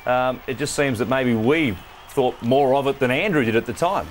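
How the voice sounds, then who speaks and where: A man presenting a sports show, deliberate and critical. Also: mid-range voice, slight background noise.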